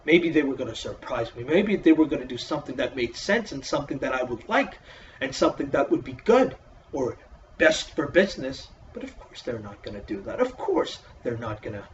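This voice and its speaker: A man's voice: mid-range voice, darkish tone, distant mic, highs cut off, a little hiss or hum. A man casually reviewing a wrestling show in a profane, exasperated, sarcastic rant.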